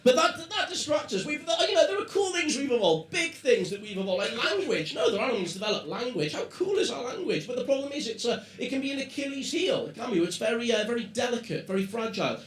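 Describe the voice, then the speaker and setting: A man performing a stand-up comedy set before a live audience, with animated asides to the crowd. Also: very high-pitched, fast, hardly any pauses. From Britain. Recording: roomy live venue with crowd laughter.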